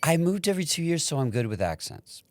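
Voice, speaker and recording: A man's voice: on the high side, big pitch swings, quick pace, a little mellow, no room sound. A man in his sixties, a podcast guest, telling stories in a wry way and slipping into voices. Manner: wry storyteller who does voices. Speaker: guest, performer and filmmaker. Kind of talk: casual interview chat.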